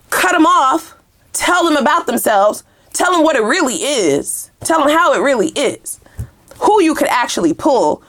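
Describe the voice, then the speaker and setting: A female tarot reader gives her viewers a casual reading in a heated, animated way, swearing freely and using slang as she talks straight to the camera. Her voice sits high.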